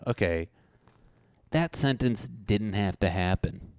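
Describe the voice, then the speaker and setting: A man hosting a podcast, ranting in a casual, profane and animated comic way into a handheld microphone. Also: lowish voice, unhurried, no room sound. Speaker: podcast host. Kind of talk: casual comedic rant.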